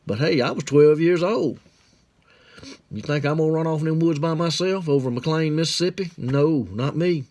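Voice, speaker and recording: A man's voice: fairly high pitch, moderate pace, a little mellow. Folksy Southern man telling a tale. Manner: drawling, rambling, colloquial. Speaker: storyteller. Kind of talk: folksy storytelling.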